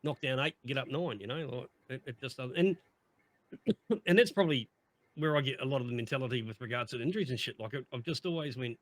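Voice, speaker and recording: A man's voice: mid-range voice, fast, dry recording. A man chatting on a podcast, emphatic and upbeat, repeating himself and swearing heavily. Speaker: streamer on podcast. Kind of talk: casual chat.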